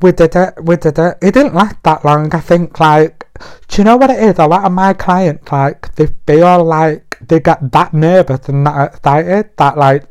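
Male podcaster, higher-ish clean voice, filthy nonstop rambling monologue from his bedroom. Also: darkish tone, clear, resonant tone. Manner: crude, rambling, talks nonstop. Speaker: podcast host. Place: bedroom in a flat.

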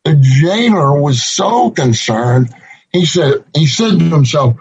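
A man preaching a sermon to his congregation, slow and deliberate, repeating key phrases for emphasis. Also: a little high, lively intonation, darkish tone, breathy edge. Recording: dull lo-fi recording.

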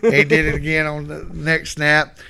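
A man's voice: fairly high pitch, moderate pace, gravelly, crowd noise. A middle-aged man from west Texas, telling a rowdy, profane story in a folksy way as a podcast guest. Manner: folksy, profane, animated yarn-spinner. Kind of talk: storytelling in casual chat.

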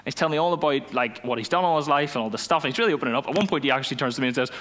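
Lively youth pastor. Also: male voice, medium pitch, very fast. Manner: animated storytelling, laughs at himself, acts out dialogue. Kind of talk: sermon with personal story.

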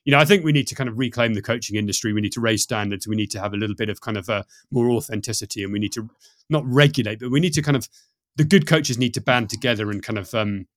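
A middle-aged British man, a coach, talks as a guest on a podcast. He rattles along quickly, tripping over his words and then restarting. The sound is close and dry with no room in it. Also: lowish voice, dry recording. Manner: fast, animated, many restarts and fillers. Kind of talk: casual podcast conversation.

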